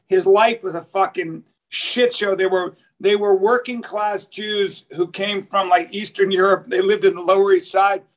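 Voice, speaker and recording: A man's voice: high voice, a bit bright. A man co-hosting a comedy podcast, telling long profane stories in casual chat and acting out the quotes. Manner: profane, rambling storyteller who acts out quotes. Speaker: podcast co-host.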